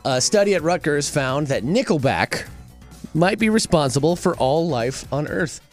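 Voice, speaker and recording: A man's voice: a little high, animated, faint music behind. A man hosting a radio morning show, trading jokes and laughing easily with his guests. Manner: joking, quick to laugh. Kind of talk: casual radio banter.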